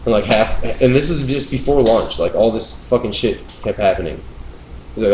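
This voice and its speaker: Man ranting casually, low voice. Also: normal speed, slight background noise. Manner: profane, animated ranting. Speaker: podcast co-host. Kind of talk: casual storytelling chat. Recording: roomy room sound.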